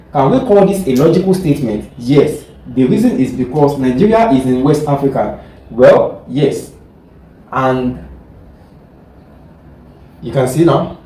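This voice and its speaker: A male teacher with a warm, medium-pitched voice lectures a class, repeating and restarting words as he explains and constantly asking, "are you getting what I'm trying to say?" The mic is distant, the sound roomy, and the audio poor.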